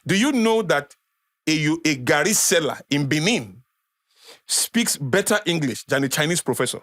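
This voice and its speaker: A man's voice: on the high side, expressive, normal speed, fairly bright tone, no room sound, studio quality. A middle-aged man with a Nigerian accent, a guest speaking with passion on a podcast, emphatic and lecturing, repeating phrases for effect.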